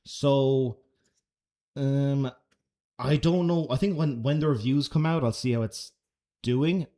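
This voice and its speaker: A man's voice: mid-range voice, takes it slowly, warm tone. An Irish man answering chat questions on a casual live stream, laid-back and chatty, swearing now and then. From Ireland.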